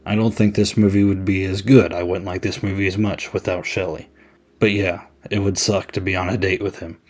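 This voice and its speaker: A man hosting a podcast, giving a casual, chatty movie review with many "I mean"s. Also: sits low. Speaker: podcast host.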